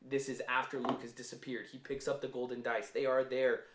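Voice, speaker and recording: A man co-hosting a casual fan podcast, laying out his points step by step in an animated, argumentative way. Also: mid-range voice, brisk, roomy sound, noisy background. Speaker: podcast co-host.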